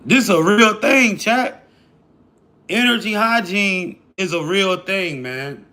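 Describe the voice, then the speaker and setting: Speaking slowly in a high-pitched, bright, forceful voice, this livestream host talks casually to his viewers. He keeps it relaxed and full of slang, addressing the chat directly.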